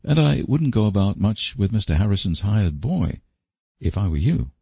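A man voicing a gentle, kind young woman who talks to a child patiently in a storybook reading. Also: fairly low pitch, very animated, normal speed, creaky, slightly rough, no echo, exaggerated voice. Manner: soft, patient, coaxing.

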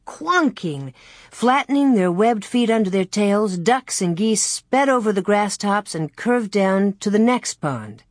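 Slow, measured storybook narrator. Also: mid-range voice, no room sound, clean studio sound. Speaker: audiobook narrator. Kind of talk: scripted narration.

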